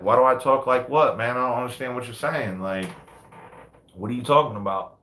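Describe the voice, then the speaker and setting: A man's voice: medium pitch, a little fast, sharp tone, a little hiss or hum. Guy in his 30s chatting on a live stream, super laid-back, keeps saying man, roomy echo. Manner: laid-back, fills talk with "man" and "you know what I mean". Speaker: livestream host and dog breeder. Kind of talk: casual live chat. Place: indoors under big lights.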